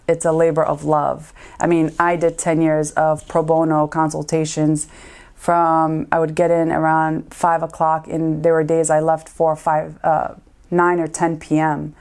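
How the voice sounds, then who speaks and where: Her voice is low and a little mellow: a community lawyer in her thirties paying earnest, heartfelt tribute during a recorded interview. She uses "um" and "uh" often.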